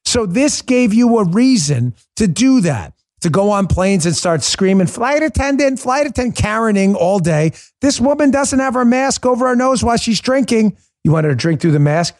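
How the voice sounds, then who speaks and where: Guy ranting on his podcast, mocking and combative, kinda high-pitched. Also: big pitch swings, moderate pace, hardly any pauses, darkish tone. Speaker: political podcast host. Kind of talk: opinionated podcast monologue.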